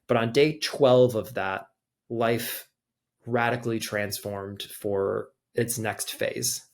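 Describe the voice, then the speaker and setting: A man's voice: on the low side, steady tone, slow pace. A young adult man, a podcast guest, telling a personal story in loose, casual conversation, peppered with "like". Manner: loose, conversational, heavy use of filler "like".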